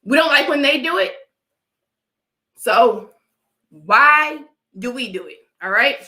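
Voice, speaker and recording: A young adult woman vlogger preaches her opinions to her live chat in a casual livestream, her high voice animated, slow, bright, and forceful. She has a dry cough from allergies and often asks "all right?". The audio is roomy and rough.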